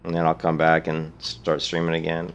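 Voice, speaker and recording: A man's voice: rumbling low, monotone, moderate pace, a bit bright, smooth, faint music behind. A man streaming a video game, chatting casually in a rambling, profane way. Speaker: let's play streamer. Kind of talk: casual gaming commentary.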